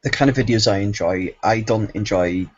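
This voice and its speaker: A man's voice: on the low side, moderate pace, darkish tone. A man chatting hesitantly on a live stream about his video channel, full of stops and fillers. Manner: hesitant, many fillers and restarts. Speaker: guest YouTuber. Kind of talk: casual live-stream chat. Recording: dull lo-fi sound.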